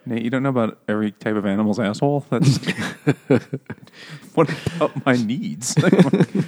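Joking man with a lowish voice. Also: a little mellow. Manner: joking, crude, playful. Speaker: podcast co-host. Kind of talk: casual book discussion.

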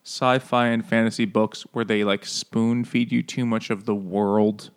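A man's voice: lowish voice, little pitch movement, measured pace, clear, resonant tone. Joking, profane podcast co-host man. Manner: joking, profane, laughs often. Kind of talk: casual chat over beers.

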